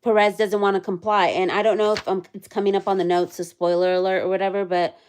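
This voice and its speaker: A woman's voice: fairly low pitch, fast, slight background noise. A woman casually recapping a court hearing on a livestream, chatty, with many fillers, reading the chat as she goes. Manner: chatty, many fillers, reads chat aloud, quotes people in animated voices.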